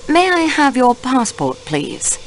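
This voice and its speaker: A woman voicing a polite, formal male detective with a French accent in a radio play, asking calm, measured questions. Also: sits high, a little hiss or hum, exaggerated voice.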